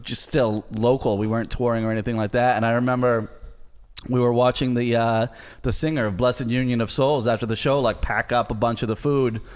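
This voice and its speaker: A man hosting a podcast, relaxed and chuckling as he reminisces and wraps up. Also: mid-range voice, fairly quick, clear, resonant tone, big-room sound. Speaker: podcast host. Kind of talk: casual chat.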